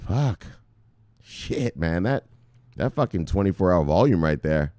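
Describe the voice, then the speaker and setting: Male crypto host, mid-range voice, hyped preacher-style rant, very expressive, profane, dry close sound. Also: sits low, a little slow, pauses often, no echo. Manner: fired-up, preacher-like, swears constantly, repeats "look, look". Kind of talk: profane ranting commentary.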